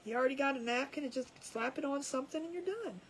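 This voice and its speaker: A woman's voice: high-pitched, fast talker, slight background noise, poor audio. A woman chatting casually to viewers while she crafts, laughing often at her own jokes. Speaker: crafting livestream host. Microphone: camera over a crafting table.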